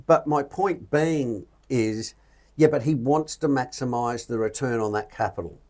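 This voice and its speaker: A middle-aged Australian man chatting on a podcast in a blunt, animated way, with a voice of ordinary middle pitch. He swears offhandedly and leans hard into his points. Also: a little slow. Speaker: podcast host. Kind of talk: casual podcast chat.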